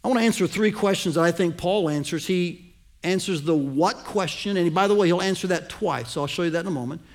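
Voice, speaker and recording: High-voiced pastor preaching a sermon. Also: male voice. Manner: teaching, asks the congregation to follow along; slows down and lands key phrases with emphasis.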